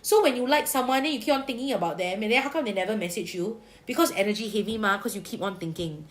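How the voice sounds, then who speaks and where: A woman's voice: medium pitch, quick pace. A woman with a Singaporean accent giving a livestream tarot reading, chatty and colloquial, with Singlish particles and big-sister reassurance. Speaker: tarot reader.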